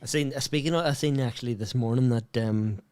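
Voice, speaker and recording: A man in mid-range pitch chats loosely while watching a match, teasing his co-host and cursing casually. His voice is recorded close and dry, with almost no room sound. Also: fast talker, darkish tone, no room sound. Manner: bantering, jokey, swears casually. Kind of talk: casual football watchalong banter.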